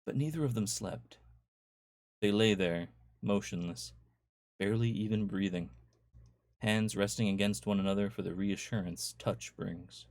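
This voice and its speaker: Low-voiced man reading a horror story. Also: darkish tone, no echo. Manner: measured, storytelling. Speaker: author reading his own stories.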